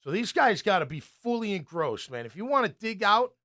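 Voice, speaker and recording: A man who played pro football, now hosting a casual sports talk show and telling stories animatedly, sometimes dropping to a low mutter. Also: a little fast. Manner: animated storyteller, acts out coaches' yelling. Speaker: former NFL player turned sports talk host.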